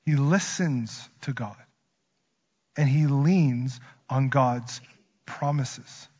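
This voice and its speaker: A male pastor preaching a sermon, swinging from quiet slow emphasis to loud, urgent rises. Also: mid-range voice, slightly rough. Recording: dull audio with long hall reverb.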